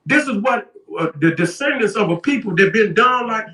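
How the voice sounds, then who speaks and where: A man's voice: sits high, lively intonation, moderate pace, pushed and bright. Profane, ranting man, distant and echoey. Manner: profane, confrontational, repetitive. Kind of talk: heated political rant.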